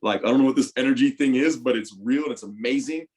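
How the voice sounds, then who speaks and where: A young man, a retired football player, telling his story in a candid interview. He talks animatedly and swears freely, and his voice swings between loud bursts and hushed asides. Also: medium pitch, quick pace.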